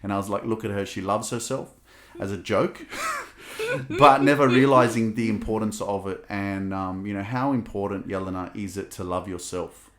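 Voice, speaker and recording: Enthusiastic low-voiced male podcast host. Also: moderate pace. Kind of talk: casual podcast conversation.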